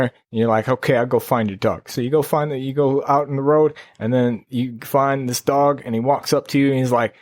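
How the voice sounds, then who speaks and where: A man co-hosting a podcast in casual chat, low-key and laid-back, rambling through stories with a tired edge. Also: fairly even intonation, fairly quick, hardly any pauses, no echo. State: sleepy. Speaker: podcast co-host.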